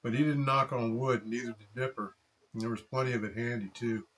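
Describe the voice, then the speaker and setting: A man reading a story aloud in steady, dry scripted narration. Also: mid-range voice, brisk, husky, rough recording.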